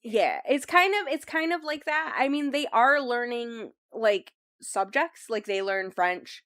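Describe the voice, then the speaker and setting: Recapping a novel for her book club, a young woman chats casually and fills her talk with frequent ums and likes. She speaks unhurriedly in a slightly high, expressive, fairly bright voice. The recording is dry, with clean studio sound.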